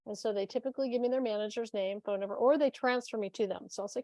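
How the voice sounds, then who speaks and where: Animated woman telling stories, dry sound. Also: fairly high pitch, fast talker, no echo. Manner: animated storyteller, acts out the people she quotes. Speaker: webinar co-presenter. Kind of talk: casual webinar chat, telling anecdotes.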